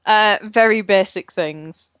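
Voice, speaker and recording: A woman's voice: mid-range voice, slow pace, fairly bright tone, smooth, no room sound, dull audio. A woman co-hosting a casual podcast, rambling with lots of fillers and swearing freely. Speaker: podcast co-host. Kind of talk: casual chat.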